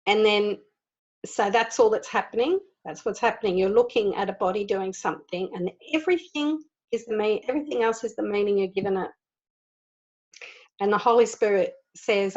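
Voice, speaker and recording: Woman giving an animated spiritual talk. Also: mid-range voice, moderate pace, highs cut off. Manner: earnest and animated, laughs often. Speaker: spiritual group leader. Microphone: video call.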